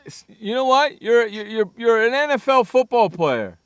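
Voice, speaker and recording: A man's voice: very high-pitched, lively intonation, moderate pace, a bit bright, clear, resonant tone, no echo, clean studio sound. A man hosting sports talk radio, ranting bluntly and sarcastically about a player.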